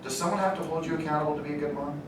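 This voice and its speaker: A middle-aged man teaching a room of agents, his voice sitting a little high and swinging widely as he acts out quotes and laughs through his stories. He is heard from some distance in an echoey training room, with a faint rumble underneath. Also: racing. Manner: animated storyteller, acts out quotes, laughs often. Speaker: real estate sales trainer. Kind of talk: live training talk to agents.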